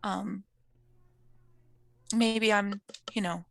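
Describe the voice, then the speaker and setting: Bright, gravelly woman playing a tabletop game. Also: medium pitch, steady tone, slow, long pauses, no echo. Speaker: player. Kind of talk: tabletop role-play.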